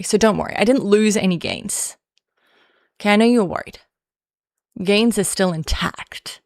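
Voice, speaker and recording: An Australian woman chats on a livestream in a loose, rambling way. She fills her talk with "like" and jokes at her own expense, and her voice is mid-pitched and dry. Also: no echo. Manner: rambling, filler-heavy, self-mocking humor. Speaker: livestream host. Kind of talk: casual livestream chat.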